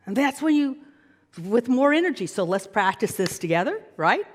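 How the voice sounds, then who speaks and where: A woman minister giving a sermon, animated and coaxing her congregation to repeat lines after her. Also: a little high, moderate pace. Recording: long hall reverb.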